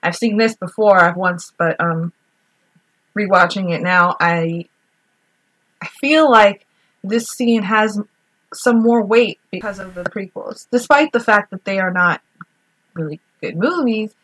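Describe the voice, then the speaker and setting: A woman's voice: medium pitch, a little slow, fairly bright tone, no room sound. A woman co-hosting a podcast, chatting casually about a film rewatch, swearing freely and laughing often. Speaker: podcast co-host.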